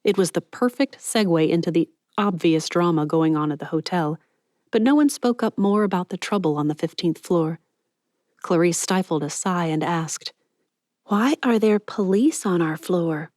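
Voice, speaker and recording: A woman narrating an audiobook in measured, even storytelling. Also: on the low side, dry recording, studio quality. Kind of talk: scripted narration.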